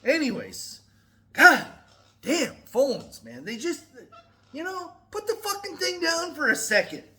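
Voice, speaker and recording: Middle-aged male vlogger, profane rambling ranter, bright and animated delivery. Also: very high voice, unhurried. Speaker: metal music YouTuber. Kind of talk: casual to-camera vlog rant.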